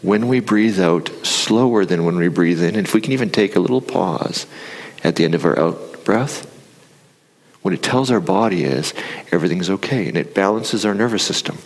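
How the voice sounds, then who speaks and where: A middle-aged man speaking from a stage, calmly coaching an audience through a breathing exercise. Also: deep voice, moderate pace. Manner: calm, coaching, with demonstrations. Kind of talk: live talk with guided breathing. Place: large hall before an audience. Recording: live hall with long reverb.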